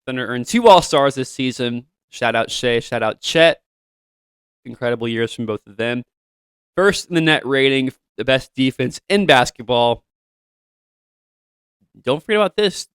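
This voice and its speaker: Young guy doing his sports show, super hyped fan energy, smooth clear voice, dry close mic. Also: mid-range voice, measured pace, long pauses, dry recording. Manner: animated, hyped fan delivery with frequent asides to listeners. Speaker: show host. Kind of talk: solo sports podcast talk.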